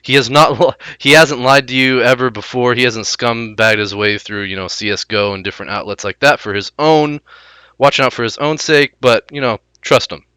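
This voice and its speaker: A man's voice: mid-range voice, steady tone, moderate pace, sharp tone, smooth, no room sound. Sarcastic offhand man, dry sound. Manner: sarcastic, offhand, self-deprecating. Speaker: gaming video host. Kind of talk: casual commentary.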